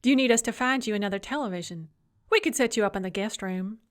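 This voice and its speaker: A woman's voice: mid-range voice, quick pace, lightly acted. A woman narrating an audiobook, voicing a doting, shrewd old grandmother with a fond, drawling, teasing manner. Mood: chatty. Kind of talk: audiobook character voice.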